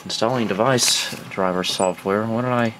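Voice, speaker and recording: Chatty out-of-breath man, low voice. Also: moderate pace, a bit bright, a little hiss or hum. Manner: chatty, self-mocking, laughs often. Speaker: vlogger building a computer. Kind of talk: casual filmed narration.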